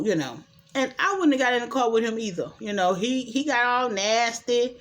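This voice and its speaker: A woman's voice: a little high, moderate pace. A woman, chattily recapping a TV drama episode and acting out the characters' lines. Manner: chatty, animated retelling with quoted dialogue and opinions. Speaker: show recap host.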